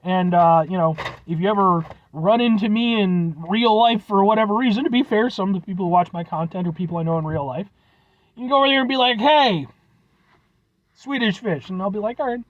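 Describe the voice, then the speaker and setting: A man's voice: high-pitched, quick pace, highs cut off. A man reviewing snacks on his vlog, rambling and joking, swearing casually as he signs off. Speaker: food review vlogger.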